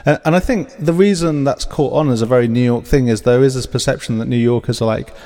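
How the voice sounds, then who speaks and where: Man, podcast regular, mid pitch, hesitant, full of fillers, long reverb. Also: quick pace, mellow. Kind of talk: casual chat.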